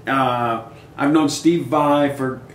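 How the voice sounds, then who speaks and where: An older man in his sixties, a musician guest in a casual interview, telling animated stories and acting out quoted dialogue. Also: medium pitch, slow. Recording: echoey room with faint noise.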